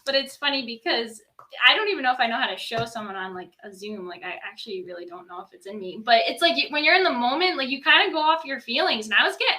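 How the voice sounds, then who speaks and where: A young woman chats as a podcast guest, her voice high and bright. She tells stories in an animated rush, scattering "like" through every sentence. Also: quick pace. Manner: animated storytelling, many "like" fillers. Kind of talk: casual interview chat.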